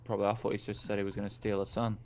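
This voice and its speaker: A man's voice: on the low side, flat delivery, very fast, a little mellow. A man co-hosting a casual gaming chat, teasing and joking. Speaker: podcast co-host.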